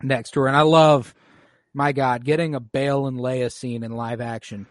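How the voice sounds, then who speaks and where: A man co-hosting a casual talk show, retelling scenes with lots of swearing and quick voices for the characters. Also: medium pitch, no room sound, clean studio sound. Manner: animated retelling with quick put-on character quotes. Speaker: podcast co-host. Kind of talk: casual profane fan chat.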